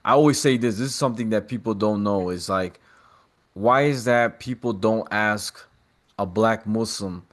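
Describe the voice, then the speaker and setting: A man with a somewhat low voice, a podcast guest speaking in casual conversation. He tells his stories with animation and street slang. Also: moderate pace.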